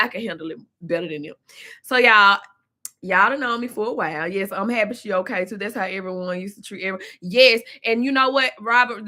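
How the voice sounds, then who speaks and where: A woman's voice: medium pitch, sharp tone. A woman from Memphis with a Southern accent, chatting casually to her viewers on a livestream and reading their comments aloud. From Memphis, Tennessee. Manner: chatty, talks to viewers and reads the chat aloud. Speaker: livestream host. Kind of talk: casual live-chat venting.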